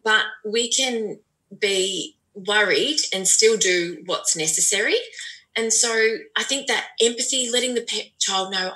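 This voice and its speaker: Bright-voiced woman explaining calmly. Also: mid-range voice, measured pace, rough recording. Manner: earnest, explanatory, many "you know" fillers. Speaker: parenting expert guest. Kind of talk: conversational advice.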